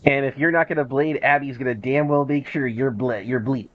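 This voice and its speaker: Man, joking co-host, quick reactions, dry lo-fi chat audio. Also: mid-range voice, dry recording. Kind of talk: casual chat.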